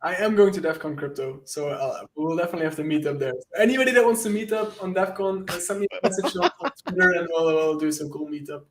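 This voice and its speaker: An enthusiastic man speaks as a guest in a casual interview, his voice a touch high as he rambles and laughs at his own jokes. He sounds like a hacker talking shop with friends. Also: fast talker, hardly any pauses, a bit bright. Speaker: guest, penetration tester and content creator.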